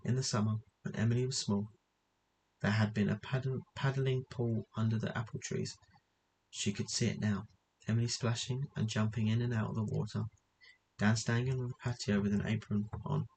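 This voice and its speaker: Low-voiced man reading a novel aloud. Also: normal speed, slight background noise, rough recording. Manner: steady reading with occasional slips and restarts. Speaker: audiobook reader.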